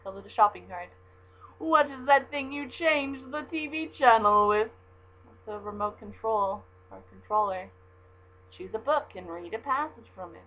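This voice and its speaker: A woman's voice: medium pitch, expressive, normal speed. A young woman from Southern California with a Southern Californian accent, reading a word list in a casual home vlog, chatty and self-deprecating with frequent ums. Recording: dull lo-fi webcam audio with faint mains hum.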